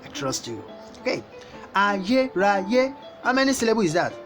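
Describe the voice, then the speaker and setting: Woman teaching, lively pitch. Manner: repeats each word slowly to teach it. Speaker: language teacher. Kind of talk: language lesson. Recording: guitar music playing behind the voice.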